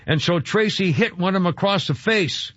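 A man's voice: sits high, moderate pace, a bit bright, no echo. A man hosting a talk radio show, ranting indignantly and rambling with many fillers, heard over a dull lo-fi broadcast.

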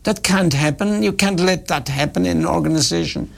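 A man's voice: on the high side, brisk, vocal fry. A man giving a storytelling talk on customer service, emphatic and repeating his key points.

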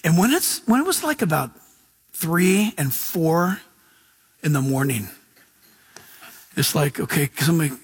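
A man's voice: on the high side, very animated, slow, long pauses, breathy edge. A male pastor preaching a sermon in an enthusiastic, casual way, full of slang and asides.

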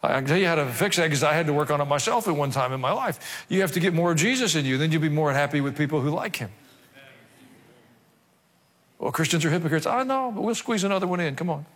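A man's voice: a little high, animated, racing, few pauses, a bit bright. A male pastor preaching a sermon, dropping wry asides and acting out quoted voices. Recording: long reverb of a large hall.

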